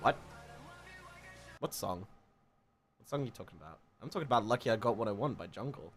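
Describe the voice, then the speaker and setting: Low-pitched, expressive and brisk, this British man banters with his live-stream audience in a teasing, playful way. He swears and laughs a lot, and faint lo-fi music sits in the background.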